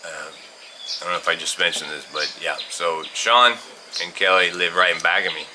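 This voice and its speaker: A middle-aged man from California spins a loose, rambling tale, full of fillers and small chuckles. His voice sits very low. He is recorded outdoors on a farm, with birds and crickets clearly heard behind him. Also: steady tone, moderate pace. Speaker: vlogger telling stories. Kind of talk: casual storytelling. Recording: outdoor insect and bird noise.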